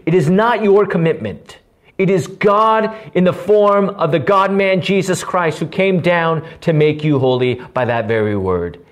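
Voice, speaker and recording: Pastor, man, fairly high voice, earnest teaching delivery, keeps asking "right?". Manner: earnest, animated, often asks "right?". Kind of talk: teaching sermon.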